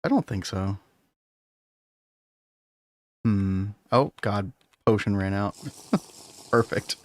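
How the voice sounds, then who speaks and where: A man's voice: on the low side, takes it slowly. A man chatting casually with his viewers and co-player while streaming a game, laughing often. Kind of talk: casual gaming livestream chat.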